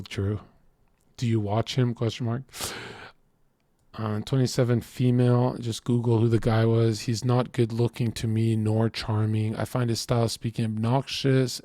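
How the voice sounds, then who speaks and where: A man streams, reacting to chat and reading messages out loud in a brash, profane, boastful manner, rambling and acting out bits of dialogue. His mid-range voice has a darkish tone, captured dry with clean studio sound.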